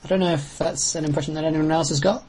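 A man's voice: a little high, steady tone, fast, a little mellow, slightly rough, poor audio. A man co-hosts a casual football podcast in an ordinary mid-range voice. He talks earnestly and at length, circling with fillers. Now and then he bursts into exasperated complaint. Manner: earnest, rambling, with sudden outbursts. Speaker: podcast co-host.

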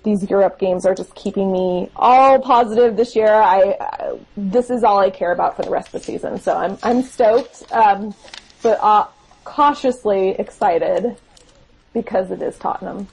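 A woman's voice: mid-range voice, normal speed, gravelly, a little mellow, slightly rough, rough recording. A woman co-hosting a podcast, talking football casually with many fillers and restarts, teasing her co-hosts. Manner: hesitant, lots of fillers, teasing. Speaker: podcast co-host.

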